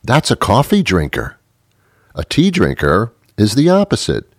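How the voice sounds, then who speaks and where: A man doing a rambling stand-up comedy monologue, slipping into quick character voices for his bits. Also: lowish voice, wildly swooping pitch, no echo, clean studio sound.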